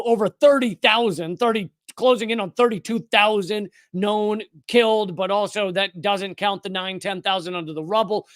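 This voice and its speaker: A man's voice: high-pitched, a bit bright, no room sound, studio quality. A man hosting a live-streamed commentary show, rambling and correcting himself, with sarcastic asides. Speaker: political commentator host.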